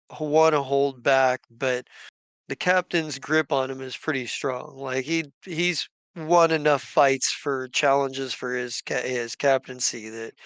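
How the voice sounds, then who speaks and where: A man's voice: medium pitch, a bit bright, clean tone, no room sound. A man narrating as game master of a tabletop game, rambling with many restarts.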